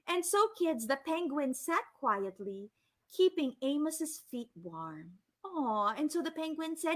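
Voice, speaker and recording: A Filipino woman reading a story aloud live for children, animated and gushing, often asking the kids questions. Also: sits high, measured pace. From Philippines.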